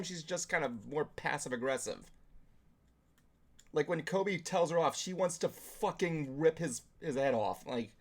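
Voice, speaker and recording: A man co-hosting a talk show, chatting casually in an animated, rambling way and swearing often. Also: a little high. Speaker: podcast co-host. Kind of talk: casual chat.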